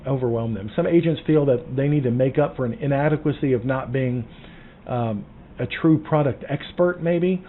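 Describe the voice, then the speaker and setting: A man from the Southern United States coaching insurance agents on phone sales, emphatic and sometimes dropping to a hushed tone. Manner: emphatic, drops to a low hush for key points. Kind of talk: casual teaching monologue. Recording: tinny phone-like sound with faint noise.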